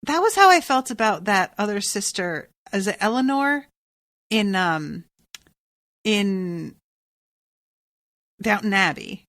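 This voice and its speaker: A woman co-hosting a podcast, recapping a TV episode in casual chat. Her voice is bright and forward, and her delivery is blunt and exasperated, with frequent swearing. The recording is dry and close. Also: medium pitch, sing-song, slow pace, long pauses, no echo. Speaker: podcast co-host.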